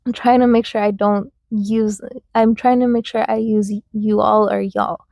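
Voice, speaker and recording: A woman's voice: mid-range voice, level tone, moderate pace, creaky, warm tone, dry recording. A young woman from the United States hosting a podcast, telling casual stories from her childhood with lots of fillers and frequent laughs. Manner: chatty, laughs often, many likes and fillers. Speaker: podcast host. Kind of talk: casual storytelling.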